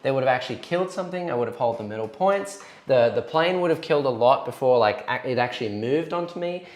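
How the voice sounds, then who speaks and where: A man with a mid-pitched voice talks loosely about a tabletop match he just played, rambling, laughing at his own mistakes, cutting himself off mid-sentence. The room around him is bare and echoey. He sounds relaxed and self-deprecating. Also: fast. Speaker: host of a wargaming channel. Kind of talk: casual post-game chat.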